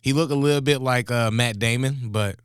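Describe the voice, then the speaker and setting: A man hosting a music reaction show in casual chat, laid-back and chuckling, giving shout-outs. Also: mid-range voice, moderate pace, clear, resonant tone, no room sound, studio quality.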